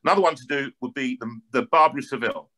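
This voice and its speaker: A man with a North London accent, an opera singer telling stories in an interview with lively, animated delivery and frequent word repeats. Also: medium pitch, very fast. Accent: North London English. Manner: lively, repeats words while building a point.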